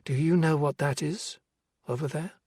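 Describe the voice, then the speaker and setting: A captive young policewoman talks in a hushed, strained voice, lifted well above the speaker's natural register as a male narrator puts her on. Her tone is slightly husky. The recording sounds dry and close, with no room around it. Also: fairly high pitch, steady tone, moderate pace, dry recording, pitched above the performer's own voice. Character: frightened young woman police officer, captive.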